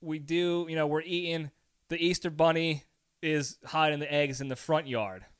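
A man with a high, bright, clear voice, hosting a casual podcast chat. He tells a comic story in an animated way, acts out scenes and laughs often. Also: moderate pace. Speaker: podcast host.

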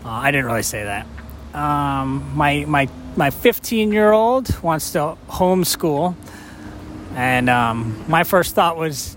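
A man's voice: a little high, sing-song, slow, a bit bright, a little hiss or hum. A middle-aged man co-hosting a podcast, telling rambling stories with jokes in a casual chat. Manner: rambling, joking storyteller. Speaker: podcast co-host.

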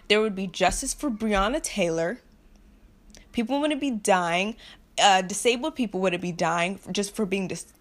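A young American woman, a vlogger, rants to camera with passion and frustration, blunt and repetitive, with nervous laughs between her points. Her voice is a little high.

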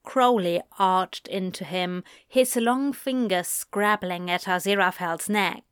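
A woman narrates a story at an unhurried, deliberate pace into a close microphone. Her mid-pitched reading stays even, and the recording is dry. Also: clear, resonant tone, no room sound. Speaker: narrator reading fan fiction aloud.

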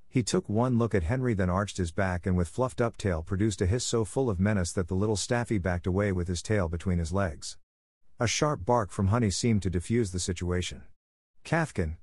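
A man narrating a story in measured, scripted reading with a dry, wry manner. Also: on the low side, a little mellow, no echo. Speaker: audiobook narrator.

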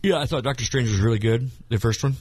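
A man's voice: medium pitch, fast talker, darkish tone, husky, no room sound. A man co-hosting a casual podcast, rambling with lots of fillers and restarts. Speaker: podcast co-host. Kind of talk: casual chat.

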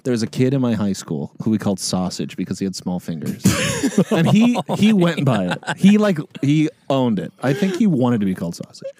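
A man co-hosting a comedy podcast, telling stories in casual chat with a self-deprecating, animated delivery. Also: mid-range voice, brisk, no echo. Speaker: podcast co-host.

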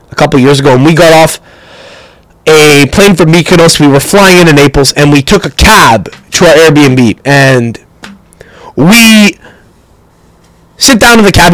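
A young man hosting a podcast, telling stories in a profane, rambling, animated way. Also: fairly high pitch, dry recording, poor audio. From Canada. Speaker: podcast host. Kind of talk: casual storytelling rant.

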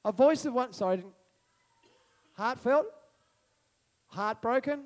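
A man preaching a passionate sermon, swinging between loud proclamation and soft musing and calling out to the congregation for responses. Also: very high voice, animated, unhurried.

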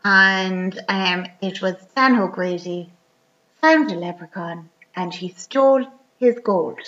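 A woman's voice: medium pitch, slow, a bit bright. An Irish woman chatting casually as a podcast co-host, retelling a movie plot in a rambling way full of fillers. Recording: dull lo-fi recording.

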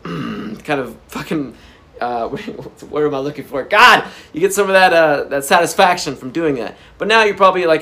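A man ranting to camera as a motivational vlogger, blunt and profane, with sudden loud bursts. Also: fairly high pitch. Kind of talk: unscripted motivational rant to camera. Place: indoors by a whiteboard. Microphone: camera framing him at a whiteboard.

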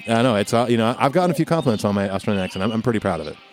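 A man in his forties hosting a casual interview, easygoing and quick to joke and laugh. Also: fairly low pitch, lively intonation. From United States. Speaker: podcast host.

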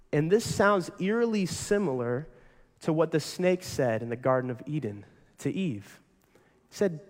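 A young adult male pastor preaching a sermon, telling stories with dramatic swings between loud passages and hushed ones. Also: a little high, big-room sound.

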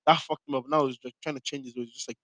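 A young man from Ireland co-hosting a casual podcast chat, with loose slangy banter and quick laughs. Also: mid-range voice, fairly even intonation, fairly bright tone, no echo, poor audio. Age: young adult. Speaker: podcast co-host.

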